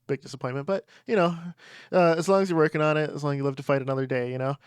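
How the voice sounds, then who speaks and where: A young adult man co-hosting a podcast in casual chat. He is animated and often restarts and repeats his words. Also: a little high, rapid-fire, clear, resonant tone, dry recording, clean studio sound. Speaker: podcast co-host.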